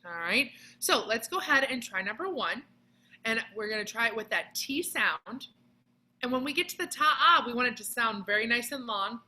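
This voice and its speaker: A woman teaching a children's music lesson on video, explaining each step patiently and clearly with sung demonstrations. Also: a little high, lively intonation, moderate pace, bright, forceful tone, poor audio.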